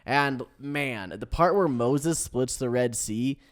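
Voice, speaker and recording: A young man hosting a casual podcast, joking and laughing as he talks, with quick bursts of excitement. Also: medium pitch. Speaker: podcast host.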